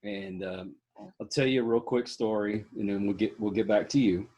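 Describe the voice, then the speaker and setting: A man's voice: fairly low pitch, fairly even intonation, moderate pace, mellow, muffled recording. A man, a podcast host in casual interview chat, folksy and joking.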